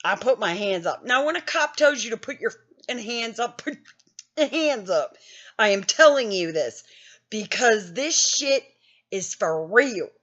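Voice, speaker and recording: Blunt swearing grandma, lo-fi mic. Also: female voice, fairly high pitch, lively intonation, measured pace, a bit bright. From Wisconsin, US. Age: older. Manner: blunt, swears a lot, self-mocking. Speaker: gaming channel host. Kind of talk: casual storytelling.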